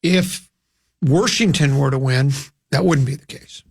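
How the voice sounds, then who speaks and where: A man's voice: medium pitch, unhurried, gravelly, slightly rough. A man hosting sports talk radio, needling his guest with pushy leading questions. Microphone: studio mic.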